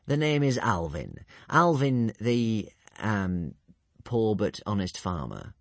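A man voicing a sly, charming male con man who talks in a soft, ingratiating, overly polite manner. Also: lowish voice, big pitch swings, slow pace, no echo, heavily acted. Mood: smarmy.

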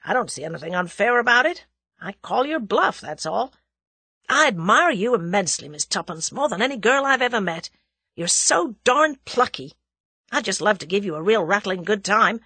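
A woman's voice: medium pitch, big pitch swings, moderate pace, sharp tone, breathy edge, no echo, full character voice. A woman playing an earnest young suitor. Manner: earnest, persuasive. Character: earnest young American man, eager suitor. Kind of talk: audiobook character reading.

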